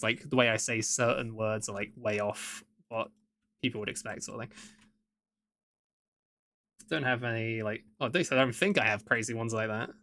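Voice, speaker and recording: A man's voice: mid-range voice, pushed and bright, no room sound. A man with an English Midlands accent chatting casually and rambling while he draws on a live stream, chuckling often. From England. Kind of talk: casual chat while drawing.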